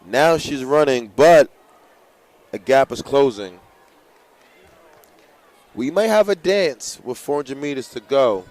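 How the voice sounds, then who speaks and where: Excitable man calling a track race. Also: medium pitch, slow, pauses often. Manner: excitable, hypes runners and gives coaching tips. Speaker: race announcer. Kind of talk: live track meet commentary.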